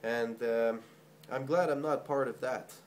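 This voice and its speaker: A man's voice: medium pitch, fairly even intonation, measured pace, a little hiss or hum, voice pushed down, lightly acted. A man doing a hesitant Dutch guy. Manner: hesitant, many fillers.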